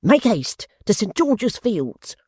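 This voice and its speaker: A cold stranger speaks curtly and with command, clipped and loud, as an audiobook narrator puts him on. The voice is mellow and dry, close to the microphone. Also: medium pitch, sing-song, slow, breathy edge, dry recording, voice pushed up, exaggerated voice. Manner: cold, curt. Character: cold, commanding man in a coach.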